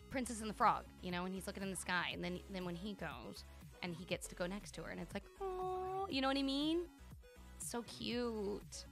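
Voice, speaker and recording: A young woman is live-streaming a video game and chatting casually, gushing and animated, her speech packed with "like" and "dude." Her voice is mid-range.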